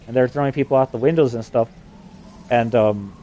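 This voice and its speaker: Guy from new mexico ranting on and on, swears a lot, mid pitch voice, bit of hiss behind. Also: brisk, warm tone, lo-fi sound. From New Mexico, USA. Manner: profane, agitated, rambling. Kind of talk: rambling monologue.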